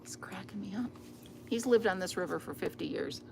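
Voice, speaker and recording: With a flowing river roaring behind her, a vlogger talks casually into her phone outdoors. Her gravelly, medium-pitched voice moves a little fast, and she sounds amused, often lowering it to a near whisper.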